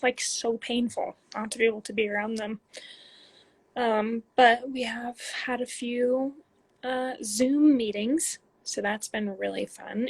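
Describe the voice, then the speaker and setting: A young woman from Canada chats through a phone livestream, reading out fan questions and answering each one casually. Her voice sits a little high, with a gravelly, husky edge, and sounds dry and close to the phone. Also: no echo. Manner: reads questions aloud then answers chattily. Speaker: professional soccer player answering fan questions.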